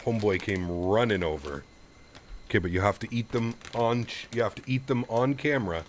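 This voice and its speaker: A man's voice: fairly low pitch, a little fast, a little hiss or hum. A man from Canada hosting a casual live flight-sim stream, cooing to his dog and talking through cockpit setup steps.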